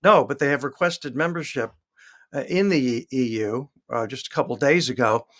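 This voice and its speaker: Measured man explaining history. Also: medium pitch, fairly bright tone. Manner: measured, explaining with fillers and asides. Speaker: historian guest. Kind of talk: explanatory interview talk.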